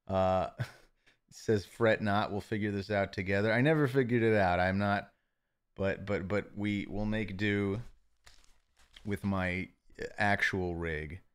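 A man's voice: on the low side, fairly even intonation, takes it slowly, pauses often, clean tone. Stammering man thanking his stream chat. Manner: stammering, self-deprecating, reads chat messages aloud. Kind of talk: casual live-stream chat. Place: home office.

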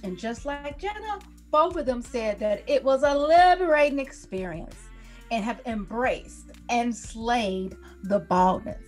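A woman's voice: fairly high pitch, lively intonation, measured pace, soft background music. A woman hosting a podcast, introducing her guest in a chatty, playful way. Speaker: podcast host.

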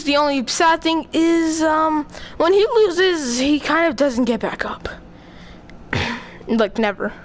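Woman, very high voice, playful trash talk, gameplay commentary, fillers and throat clearing. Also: slight background noise. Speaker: gamer.

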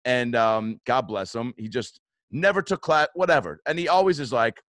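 This podcast host is a man with a medium-pitched, slightly bright voice, talking at a moderate pace with no room sound. He tells a story casually, swearing often, acting out what people said, and breaking into frequent bursts of laughter.

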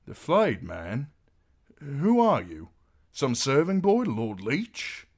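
A man voicing a hard, weathered grown man who speaks gruffly. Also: medium pitch, huge pitch swings, takes it slowly, darkish tone, voice pushed up, heavily acted. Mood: suspicious.

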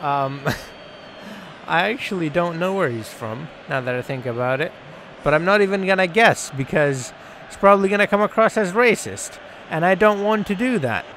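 Brief: male gaming YouTuber, high-pitched and excitable, cursy and jokey, faint hiss in the background. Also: normal speed. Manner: excitable, swearing, jokey, talks to viewers. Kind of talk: casual gameplay commentary.

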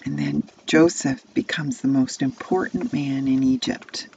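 A woman's voice: rumbling low, fairly even intonation, measured pace, darkish tone, husky, low-quality recording. A woman telling a Bible story to children, placing the listener inside the tale as "you". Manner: second-person immersive storytelling.

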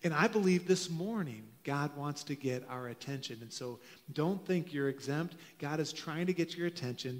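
A man preaching a sermon as pastor to his congregation, earnest, drawing out key phrases slowly for emphasis. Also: on the high side. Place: church sanctuary. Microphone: handheld microphone. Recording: long hall reverb of a church.

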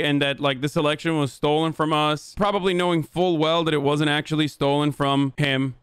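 A man's voice: a little high, a little fast, hardly any pauses, a bit bright, clean tone, no echo, clean studio sound. A man in his thirties hosting a live stream, commenting in a sarcastic, profane and rambling way. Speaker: political streamer host.

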